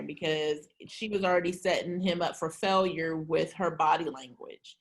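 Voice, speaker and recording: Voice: medium pitch, steady tone, normal speed, hardly any pauses. A trainer telling a story in casual, chatty speech during a live training session.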